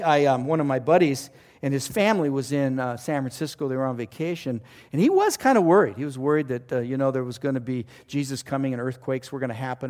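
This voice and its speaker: A middle-aged or older man, a pastor preaching a conversational sermon with animated storytelling. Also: medium pitch.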